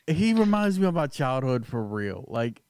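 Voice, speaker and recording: A man co-hosting a podcast, talking excitedly about a fight, swearing and laughing often. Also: medium pitch, normal speed, noisy background. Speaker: podcast co-host. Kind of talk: casual chat.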